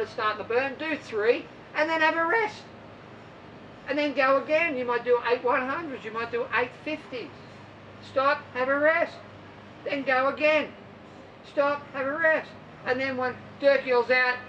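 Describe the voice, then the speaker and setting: A woman's voice: on the high side, fairly bright tone, recorded from a distance, lo-fi sound, slight background noise. A woman coaching swimmers in an informal talk, blunt and emphatic, mocking fussy training plans. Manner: blunt, emphatic, mocks other coaches' methods. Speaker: swim and triathlon coach.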